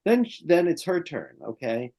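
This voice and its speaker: A man's voice: a little high, big pitch swings, normal speed, mellow. An older male therapist telling a client story in conversation, often checking in with "right?" and "okay?".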